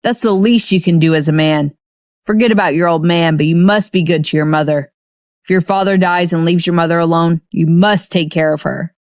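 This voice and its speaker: A woman's voice: fairly low pitch, fairly even intonation, fairly quick, darkish tone, no room sound, clean studio sound, natural voice. A woman voicing a young father who lectures his son sternly. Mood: lecturing. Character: young man, bossy husband and father.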